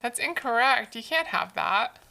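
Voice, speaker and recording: Woman streamer, casual chatter, fairly high voice, gravelly edge, talks back to chat. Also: animated, unhurried, pushed and bright. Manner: chatty, answers chat messages aloud; playful, teasing. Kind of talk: casual live-stream chat while drawing.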